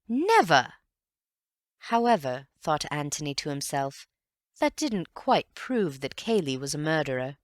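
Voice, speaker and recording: Woman narrating a novel, low voice, lively inflection, dry close sound. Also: no room sound. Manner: measured, expressive storytelling. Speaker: audiobook reader. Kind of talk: audiobook narration.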